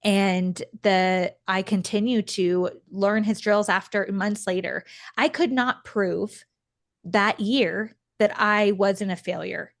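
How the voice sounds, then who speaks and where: A young adult woman hosting a podcast, telling a story in a casual, animated way and acting out the voices she quotes. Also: mid-range voice, slow. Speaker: podcast co-host.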